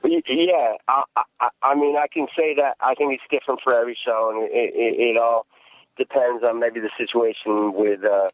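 A man's voice: mid-range voice, fairly even intonation, no room sound. Male actor on a tinny phone line. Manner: halting, many restarts and laughs. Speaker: actor guest. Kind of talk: interview over the phone.

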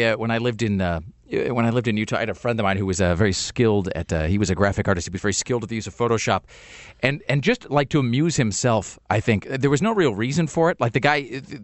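A man's voice: mid-range voice, dry recording. A man hosting a talk radio show, rambling through stories with many fillers and sardonic jokes. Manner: rambling storyteller with lots of fillers and restarts; sardonic, joking. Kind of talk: casual talk radio banter.

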